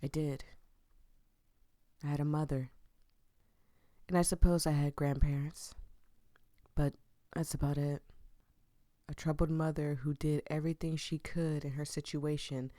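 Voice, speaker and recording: A woman voicing a calm, gentle male demon companion in a game, reading his lines softly and low-key. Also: measured pace, pauses often, dry recording, studio quality. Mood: wistful.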